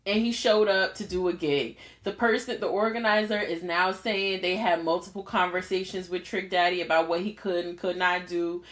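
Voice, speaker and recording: A woman's voice: fairly low pitch, steady tone, moderate pace, few pauses, a bit bright. A woman co-hosting a podcast, chatting casually and animatedly, often laughing as she tells a story. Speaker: podcast co-host.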